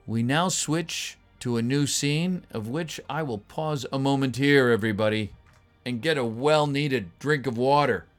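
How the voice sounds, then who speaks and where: Over faint music, a man with a mid-range voice speaks a little slowly. He's a voice actor on a livestream reading a script, casually greeting viewers and reading their messages out, his voice starting to tire.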